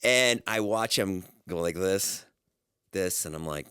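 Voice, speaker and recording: Podcast co-host, middle-aged man, very low voice, dry close sound, lively storyteller who swears. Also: a little slow, smooth, dry recording. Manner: animated storyteller, acts out voices, swears freely. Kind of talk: casual chat, storytelling.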